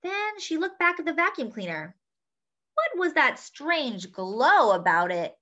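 Lively woman reading a children's story. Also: high-pitched, measured pace. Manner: lively, asks young listeners questions. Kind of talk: read-aloud storytelling for children. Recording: dull lo-fi sound.

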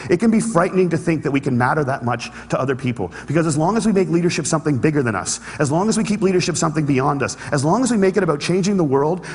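A man giving an earnest inspirational talk on stage, telling a story with humorous asides. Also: fairly high pitch. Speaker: speaker. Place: large hall with an audience. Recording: reverberant hall.

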